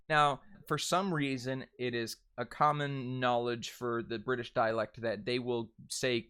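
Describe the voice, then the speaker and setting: A man's voice: mid-range voice, steady tone, a bit bright, smooth. Chatty American man teaching dialects. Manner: chatty, many fillers and self-corrections, drawn-out demonstration vowels. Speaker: dialect coach. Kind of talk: casual how-to lesson.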